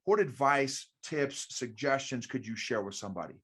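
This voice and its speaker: A man's voice: medium pitch, expressive, normal speed, fairly bright tone, breathy edge. A man hosting a podcast interview, asking friendly, rambling questions full of fillers. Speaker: podcast host. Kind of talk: casual interview chat.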